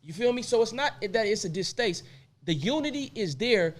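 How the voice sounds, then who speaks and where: A man's voice: sits high, lively intonation. A man co-hosting a casual podcast discussion, arguing his points with passion. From United States. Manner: passionate, rapid-fire argument. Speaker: podcast co-host.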